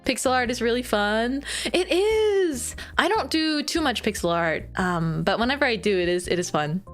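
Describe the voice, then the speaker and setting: A young woman streamer in casual chat with her viewers, giggly and animated, squealing when she quotes herself. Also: a little high, a little fast, faint music behind.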